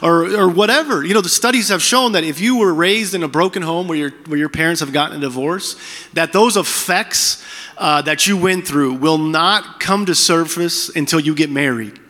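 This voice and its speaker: Middle-aged male pastor, candid and chatty delivery, bright tense tone. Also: a little high, normal speed, in a large hall. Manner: candid, conversational preaching with frequent restarts. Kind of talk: sermon.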